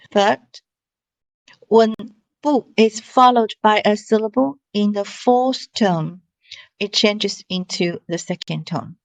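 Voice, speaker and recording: A woman teaching tones in an online lesson, slowly repeating each syllable with patience. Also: medium pitch, creaky, no echo. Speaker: Mandarin teacher.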